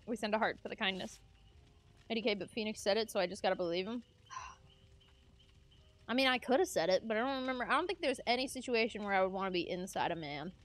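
A woman's voice: medium pitch, brisk, long pauses. A young woman livestreaming, chatting casually with her viewers, giggling often and swearing lightly.

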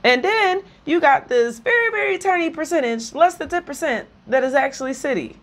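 A woman on a heated political rant, her voice sitting fairly high for a woman. She talks bluntly and with plenty of profanity, hammering on repeated slogans and now and then pushing up toward a shout. She is speaking straight to her viewers. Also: expressive, a little fast. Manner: profane and blunt, with nervous laughs between points. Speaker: video commentator. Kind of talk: impassioned political rant to camera.

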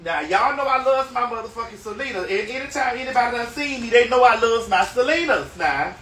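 A sassy woman chats back to her viewers on a phone livestream from a hotel room. Her voice sits high and rings bright and sharp. She is brassy, playful and loose throughout. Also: lively intonation, fairly quick, a little hiss or hum. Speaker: livestream host. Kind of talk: casual livestream chat.

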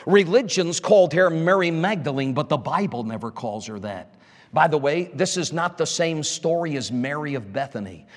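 A male evangelist preaching a sermon, swinging from loud emphasis to hushed lines. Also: fairly high pitch, expressive, moderate pace. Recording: echoey church hall.

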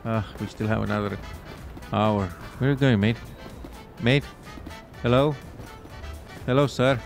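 A man's voice: on the low side, normal speed, creaky, faint music behind. A man sarcastically commentating a game as he plays, exasperated and swearing freely. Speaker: gameplay commentator. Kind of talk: let's play commentary.

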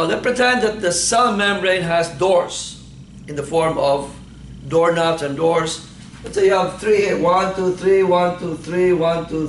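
A man with a fairly high voice is teaching a class. He quizzes his students with short questions and often supplies the answers himself. The recording comes from a roomy, echoey classroom with a faint hum behind him. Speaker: instructor.

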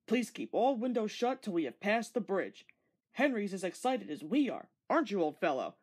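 A woman voicing a calm, kindly male engine driver in a storybook read-along, explaining patiently in a slightly breathy voice. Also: mid-range voice, moderate pace.

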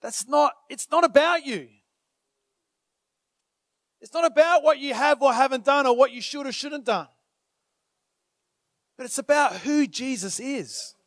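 A male preacher with a high voice, delivering a sermon with lively energy. He often breaks off to act out a worried inner voice, and he fills his talk with "you know" and "like". The sound is dry and close, with no room around it. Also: no room sound. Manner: animated, acts out inner thoughts in quick asides; many filler phrases and restarts. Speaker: pastor.

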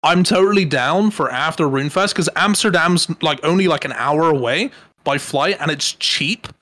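Laughing podcast storyteller. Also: male voice, on the high side, normal speed. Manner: animated, laughing, quotes people in voices. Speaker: podcast co-host. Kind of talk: casual storytelling chat.

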